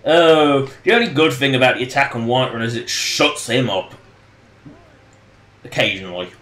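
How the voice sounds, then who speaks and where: A man's voice: medium pitch, moderate pace, fairly bright tone, reverberant. A man casually commenting on his game during a livestream, rambling and joking and laughing at his own jokes. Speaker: game streamer.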